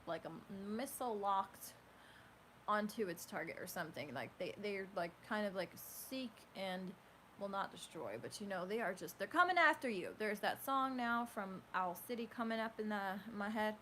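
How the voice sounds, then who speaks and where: A woman giving a casual tarot reading at home, rambling and animated, full of fillers. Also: medium pitch, moderate pace. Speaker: tarot reader. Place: home room with a fan running. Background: faint fan hum.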